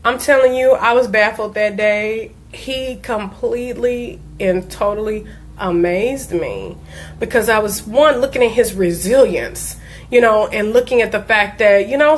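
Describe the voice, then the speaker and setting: A woman's voice: fairly high pitch, very animated, moderate pace. A woman, a diabetes life coach, giving an earnest personal talk and telling a family story with emphasis.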